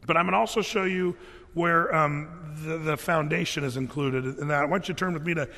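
Man, pastor, sermon, high voice, folksy and conversational, long reverb of a church hall. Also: fairly quick, sharp tone. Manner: conversational, folksy, with many fillers and restarts.

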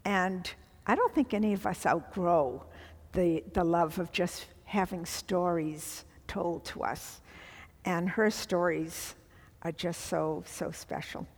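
A woman's voice: lowish voice, takes it slowly, big-room sound. A middle-aged woman leading a women's Bible study, teaching earnestly with emphatic asides to the group.

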